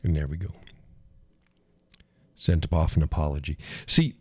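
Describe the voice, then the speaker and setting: A man's voice: very deep voice, steady tone, a little slow, a little mellow, breathy edge, no room sound. A man hosting a casual live stream, reading chat messages aloud, swearing often and laughing between lines.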